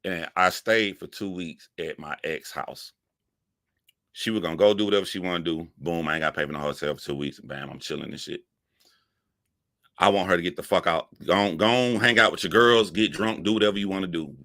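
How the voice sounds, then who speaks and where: A man telling a profane comic story, animated and laughing, jumping up in pitch for emphasis. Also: brisk, no echo, clean studio sound. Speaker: comedic storyteller.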